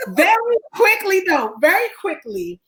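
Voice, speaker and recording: A woman with a raspy voice hosting a live online talk show, upbeat and encouraging in a preacherly way. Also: very high voice, very animated, unhurried, fairly bright tone, low-quality recording. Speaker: host.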